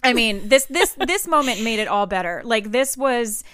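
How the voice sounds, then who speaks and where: Stammering high-voiced woman co-host, dry sound. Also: lively intonation, normal speed, bright, forceful tone, no room sound. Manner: rambling, stammering. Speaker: podcast co-host. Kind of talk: casual chat.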